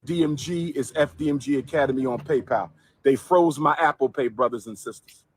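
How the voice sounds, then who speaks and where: A man's voice: medium pitch, a little fast, slight background noise. A man in a played livestream clip making a repetitive and insistent appeal for donations.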